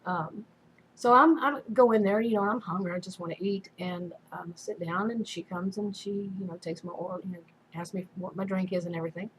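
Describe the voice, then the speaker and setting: A woman's voice: mid-range voice, fairly even intonation, brisk, a little hiss or hum, rough recording. A woman casually telling a personal story in a rambling way, full of fillers and restarts. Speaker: vlogger.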